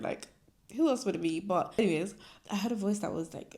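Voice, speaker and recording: A young woman hosts a casual solo podcast, rambling candidly and saying "like" a lot among many filler words. Her voice is on the low side, a little fast and a little mellow, and she is tearful, crying at times.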